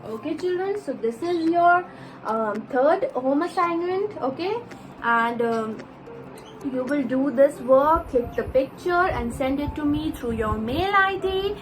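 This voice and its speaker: A woman teacher giving an online lesson to small children, slowly spelling out words letter by letter and having them repeat. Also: high voice, animated, faint music behind, rough recording. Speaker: nursery school teacher.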